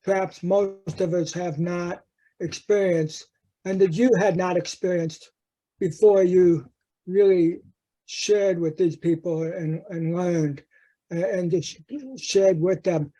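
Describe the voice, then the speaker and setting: A man's voice: high-pitched, fairly even intonation, takes it slowly, dark tone, highs cut off. A man asking interview questions, rephrasing as he goes.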